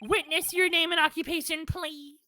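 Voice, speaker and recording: A woman's voice: very high-pitched, steady tone, moderate pace, sharp tone, a little hiss or hum, pitched above the performer's own voice. A woman voicing a smug, pompous male prosecutor in a courtroom game. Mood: haughty.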